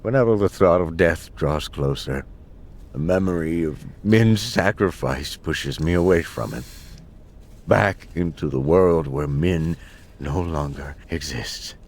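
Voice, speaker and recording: An actor playing a guilt-ridden older widower in a game, speaking a slow, somber confessional monologue. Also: male voice, a bass voice, darkish tone, heavily acted. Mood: despairing. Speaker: game character narrating. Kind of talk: game narration.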